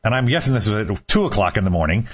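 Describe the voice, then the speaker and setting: Husky, lively podcast host. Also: male voice, on the low side, quick pace. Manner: chatty, laughs through his own stories. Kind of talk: casual comedic podcast chat. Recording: dull lo-fi podcast recording.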